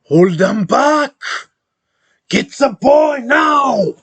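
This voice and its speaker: A man doing a gruff warrior father. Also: extremely high pitch, animated, very slow, dry recording, pitched above the performer's own voice, full character voice. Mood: commanding. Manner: gruff shouted commands.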